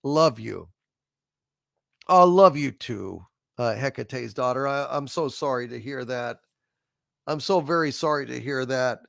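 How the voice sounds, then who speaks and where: A man hosting a livestream talks slowly and unhurriedly, with a gravelly edge to his voice. He rambles as he reads out viewer messages, full of fillers and false starts. The sound is dry and close. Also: mid-range voice, no echo. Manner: rambling with many fillers and restarts; slow, soft poetry reading. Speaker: livestream host. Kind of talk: casual livestream chat reading super chats.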